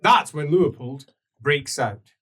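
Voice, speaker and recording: Husky guy running a tabletop rpg, chuckles along, goes slow and hushed for the big dramatic bits. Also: fairly high pitch, poor audio. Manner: lively, chuckling narration that slows for dramatic scenes. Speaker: game master. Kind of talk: narrating a tabletop game.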